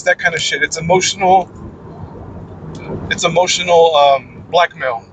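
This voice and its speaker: A man's voice: fairly high pitch, moderate pace, slight background noise, low-quality recording. Blunt, profane man ranting off the cuff. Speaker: video creator. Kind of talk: unscripted personal monologue.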